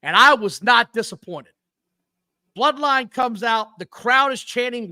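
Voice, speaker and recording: Bright high-pitched man ranting profanely. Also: normal speed, no echo, rough recording. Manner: profane, blunt, animated storytelling. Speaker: podcast co-host. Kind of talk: casual wrestling chat.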